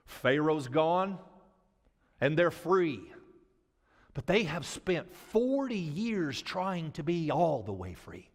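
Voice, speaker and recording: A man's voice: on the high side, animated, takes it slowly. A male pastor preaching a dramatic, emphatic sermon with folksy phrasing. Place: church sanctuary. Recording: long church-hall reverb.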